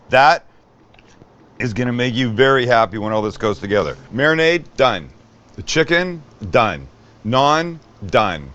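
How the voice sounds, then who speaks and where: A man's voice: mid-range voice, a bit bright, highs cut off. A man hosting a cooking show, demonstrating a recipe in an upbeat, joking way and swearing freely.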